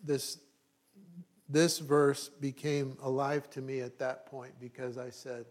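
A man's voice: mid-range voice, a little slow, a little mellow. Middle-aged man preaching a conversational sermon. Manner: conversational, with wry humorous asides and restarts. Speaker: pastor.

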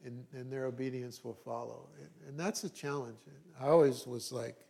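A man's voice: medium pitch, steady tone, normal speed, gravelly, a little mellow, breathy edge. Middle-aged man preaching a conversational sermon. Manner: conversational, with wry humorous asides and restarts. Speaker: pastor.

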